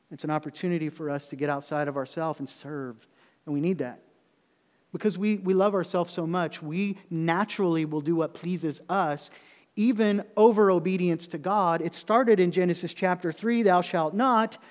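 A man's voice: a little high, moderate pace, long reverb tail. A man preaching a conversational sermon to his congregation in a church, his voice rising in emphatic peaks. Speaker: pastor. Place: church sanctuary.

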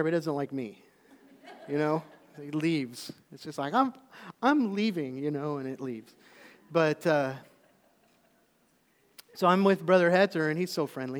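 Animated preacher man in a reverberant hall. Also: fairly high pitch. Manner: animated storytelling, swings from loud to hushed. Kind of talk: sermon. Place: church auditorium. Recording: long reverb of a large hall.

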